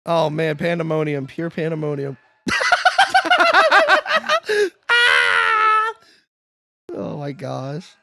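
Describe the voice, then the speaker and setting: Excitable high-voiced man with a gravelly edge. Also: very slow, pauses often, noisy background. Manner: excited running reactions, laughs often. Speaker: podcast co-host. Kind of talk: movie commentary track.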